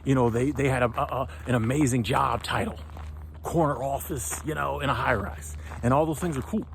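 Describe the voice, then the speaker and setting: A man, hosting his own channel and delivering an impassioned motivational monologue, preachy and animated, sometimes stumbling over his words. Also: medium pitch, a little fast, vocal fry, a little hiss or hum. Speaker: channel host.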